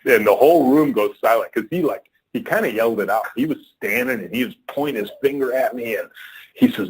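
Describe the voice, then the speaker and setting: A man's voice: medium pitch, fairly quick, husky, low-quality recording. A middle-aged man, a company leader as podcast guest, telling a workplace story and acting out the people in it. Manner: animated storyteller, acts out quoted people.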